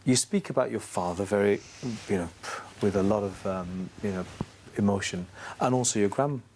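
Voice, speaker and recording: A woman's voice: very deep voice, normal speed, a little mellow, a little hiss or hum. A woman hosting a podcast interview, asking questions and giving frequent short encouraging affirmations. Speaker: podcast host.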